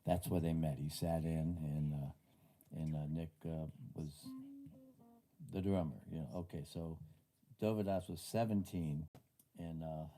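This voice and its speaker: An older man hosting a live stream, chatting casually and reminiscing in a rambling way with frequent pauses. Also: rumbling low, fairly even intonation, mellow, soft background music. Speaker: host and bassist. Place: home music room.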